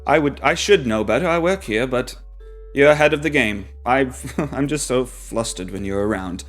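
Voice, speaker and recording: A man's voice: mid-range voice, expressive, moderate pace, faint music behind, close to an everyday voice. A man voicing a flustered female librarian, talking in an apologetic, fumbling way. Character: flustered female librarian who works here.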